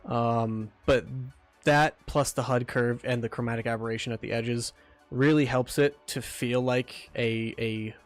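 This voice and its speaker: A man's voice: medium pitch, fairly even intonation, a little slow, soft background music. A man chatting casually on a livestream about building his game, rambling with lots of ums and restarts while eating. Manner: rambling, many fillers and restarts. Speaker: game developer streamer.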